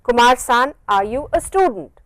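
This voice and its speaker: A woman lecturing to a university class, patient and clear, repeating phrases slowly to model them. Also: a little high, lively intonation, a bit bright, dry recording, low-quality recording. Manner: stretches words to model pronunciation. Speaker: university language teacher.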